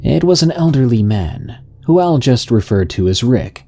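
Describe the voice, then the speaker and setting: A man narrating a scary story in a slow, even, scripted storytelling delivery. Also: mid-range voice, gravelly.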